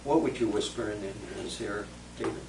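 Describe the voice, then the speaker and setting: Recorded from a distance in a roomy space with faint noise, a man with a lowish voice moderates a focus group at a brisk pace. He guides the discussion by asking questions and then calling on people by name.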